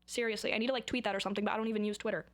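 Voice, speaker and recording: A woman's voice: mid-range voice, steady tone, racing. A young woman chatting to camera in a rambling, goofy, self-mocking way about her own habits. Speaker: vlogger. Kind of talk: casual chat to camera.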